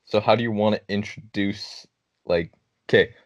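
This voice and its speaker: A man's voice: lowish voice, fairly even intonation, moderate pace, dry recording. A young man co-hosting a casual podcast, joking crudely and laughing often. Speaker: podcast co-host. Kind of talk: casual chat.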